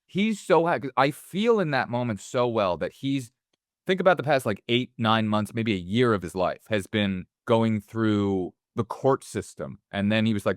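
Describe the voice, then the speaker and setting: A man's voice: lowish voice, moderate pace, dry recording, clean studio sound. A man co-hosting a movie podcast, talking animatedly, swearing casually and acting out lines from the film. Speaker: podcast co-host.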